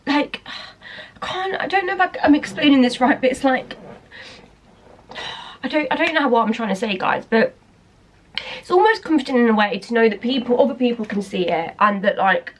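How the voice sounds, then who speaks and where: A young woman speaks to her vlog camera in a fairly high voice. She rambles and hesitates, cutting herself off mid-thought as she talks candidly. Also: animated, moderate pace, pauses often, a little hiss or hum. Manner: rambling, hesitant, self-interrupting. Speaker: vlogger. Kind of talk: candid personal talk to camera.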